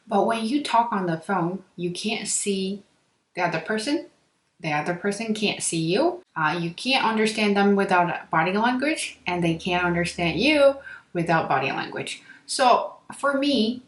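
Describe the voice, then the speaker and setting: Woman podcast host giving an English lesson, talks fast and asks listeners questions, recorded in a reverberant room. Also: medium pitch. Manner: fast-talking, lively, addresses listeners directly. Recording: echoey room.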